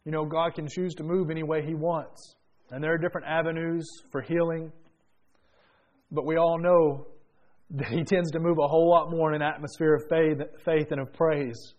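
A man's voice: fairly high pitch, fairly even intonation, moderate pace, muffled recording. Preacher man building to fervent praise. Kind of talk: sermon.

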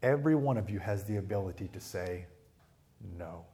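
A middle-aged man preaching a sermon, telling stories and acting out quotes with lively voices. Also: sits low, normal speed. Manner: storytelling with animated acted-out quotes. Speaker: pastor.

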